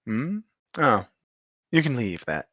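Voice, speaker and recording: A man voicing an ancient female elemental of destruction who speaks in a slow, drawling, lazily amused way in a tabletop game. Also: medium pitch, sing-song, fairly bright tone, no echo, heavily acted. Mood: languid.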